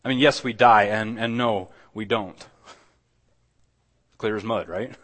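A man preaching a sermon in a conversational way. He often repeats words and restarts, then swells louder on key points. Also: fairly low pitch, measured pace, pauses often. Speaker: pastor.

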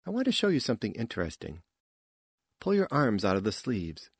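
A man reading an audiobook, voicing a confident young woman spacefarer in a brisk, lifted voice. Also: on the low side, wildly swooping pitch, breathy edge, no echo, full character voice.

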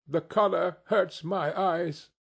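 A man reading aloud and voicing a grieving mother, keeping a steady, cheerful tone that wavers, in a raised, husky voice. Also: high voice, slow pace, voice pushed up, heavily acted. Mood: tender.

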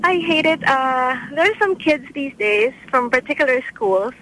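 Bright, hesitant woman caller. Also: high voice, animated, moderate pace, slight background noise, rough recording. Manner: hesitant, full of ums. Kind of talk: phone-in chat.

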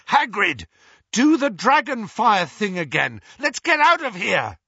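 A man voicing a brave teenage boy wizard under attack in an audiobook, shouting spells urgently. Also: sits high, very animated, unhurried, husky, dry recording, highs cut off, pitched above the performer's own voice, full character voice. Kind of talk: audiobook character voice.

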